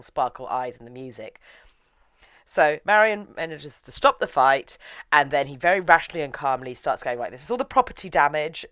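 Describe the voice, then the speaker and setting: A woman's voice: very deep voice, a bit bright, no room sound. A woman, casually retelling an anime episode in a chatty review, with lots of "like" as filler.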